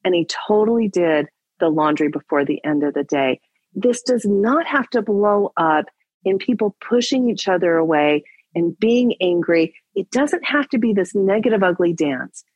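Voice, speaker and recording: A woman's voice: lowish voice, normal speed, dry recording, highs cut off. A woman relationship coach on a podcast, telling a personal story with acted-out dialogue and giving advice. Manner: animated storyteller, acts out dialogue.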